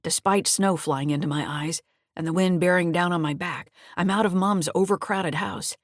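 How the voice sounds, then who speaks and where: A woman author reading her thriller audiobook in a measured, steady first-person narration. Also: lowish voice, no room sound, clean studio sound.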